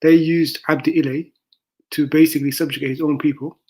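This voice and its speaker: A man's voice: fairly high pitch, little pitch movement, fairly quick, dark tone, husky, poor audio. A man co-hosting a casual stream chat, speaking hesitantly with many fillers and mixing in Somali words. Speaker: co-host.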